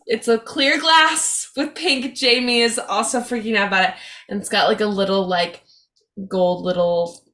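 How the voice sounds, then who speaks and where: Young woman, podcast host, casual chat, gushing, slangy, bright voice. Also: mid-range voice. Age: young adult.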